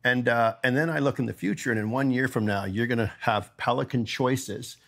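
A man who runs a company, talking as a podcast guest in a lively, storytelling way. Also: medium pitch, brisk, vocal fry. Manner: energetic storyteller, acts out quoted dialogue. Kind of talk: casual interview storytelling.

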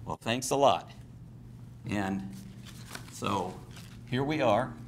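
Older guy complaining at a council meeting, lowish voice, bit of rumble behind. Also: slow. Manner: aggrieved, grows agitated and emotional. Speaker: public commenter. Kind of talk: public comment at a council meeting.

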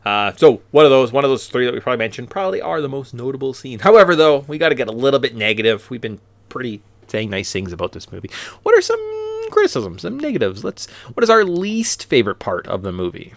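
Male podcast host, animated delivery, dry booth sound, rambling casual talk. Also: medium pitch, fast, vocal fry, few pauses, no echo. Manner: rambling, tag questions. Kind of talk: casual chat. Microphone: podcast mic.

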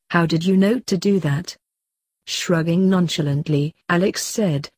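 A woman reading a fanfiction story aloud at a steady, even pace, voicing both narration and dialogue. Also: fairly low pitch, husky, dry recording. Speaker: fanfiction reader.

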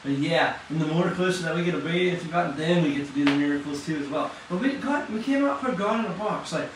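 A man giving an impassioned testimony sermon at church, talking fast and casually with slang. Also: fairly high pitch, background noise. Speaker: church class leader. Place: church hall. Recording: very echoey hall, distant mic.

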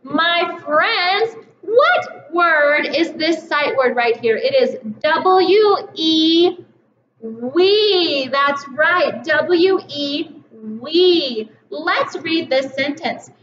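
A woman teaching kindergartners a reading lesson, speaking in a slow, encouraging teacher voice and stretching out the sounds of words. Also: high-pitched, animated, fairly bright tone. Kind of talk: slow, clear reading lesson for young children. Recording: slightly dull, roomy home recording with faint noise.

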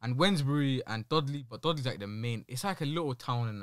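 A man's voice: medium pitch, lively intonation, a little fast, a crowd in the background. A young man from Birmingham with a Birmingham accent, a guest talking in a casual, slangy podcast chat and insisting on his points. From Birmingham, England. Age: young adult. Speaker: YouTuber guest.

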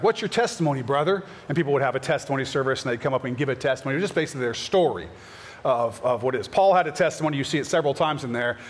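Pastor, male, conversational Q&A answers, earnest, sits a bit high in pitch. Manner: earnest, conversational, acts out short prayers in a higher voice. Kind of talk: church Q&A session.

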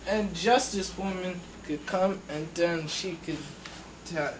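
A young man joking crudely with friends in a room, yelping and shouting now and then. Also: sits high, slow pace, recorded from a distance. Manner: loud, crude, joking, bursts into yelps and shouts. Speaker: friend filming a home video. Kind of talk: rowdy casual banter. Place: indoor room. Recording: noisy home camcorder audio.

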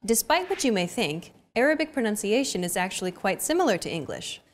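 Lively woman hosting a language lesson. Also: medium pitch, brisk, a little hiss or hum. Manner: bright, encouraging teacher prompts. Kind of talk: scripted lesson narration.

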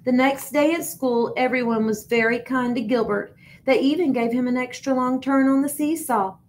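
A woman's voice: sits high, moderate pace, slight background noise, poor audio. Woman teacher reading a picture book aloud. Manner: expressive, stumbles and repeats words.

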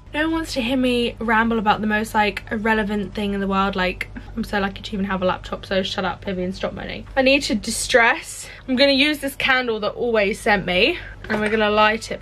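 A woman's voice: on the high side, bright, forceful tone, slight background noise. A young woman vlogging about her day at home, rambling and poking fun at herself. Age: young adult. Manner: rambling, self-mocking and chatty. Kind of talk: casual vlog chatter. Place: home, indoors.

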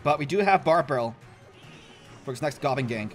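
A man's voice: medium pitch, expressive, a little fast, soft background music. A young man giving casual, chatty gameplay commentary as a gaming YouTuber, self-mocking and laughing often.

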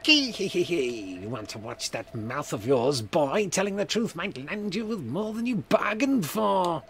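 A man's voice: fairly high pitch, very animated, a little slow, fairly bright tone, slight background noise, voice pushed up, full character voice. A man voicing a mocking, cackling skeleton sailor in a nasal, sneering squawk. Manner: teasing, cackling.

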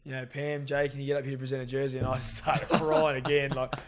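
A man's voice: medium pitch, flat delivery, fast. A young Australian man, a rugby league player, chatting casually in an interview, rambling with restarts and swearing freely. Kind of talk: casual chat.

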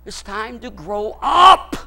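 A man preaching a sermon as pastor, speaking directly to his congregation and repeating his points with emphasis that builds to shouts. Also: high-pitched, normal speed. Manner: folksy, addresses the congregation directly.

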